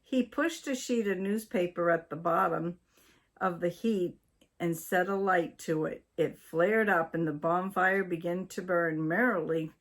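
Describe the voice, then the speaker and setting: An older woman from Maine reading a children's story aloud in a slow, deliberate way. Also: lowish voice. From Maine, USA.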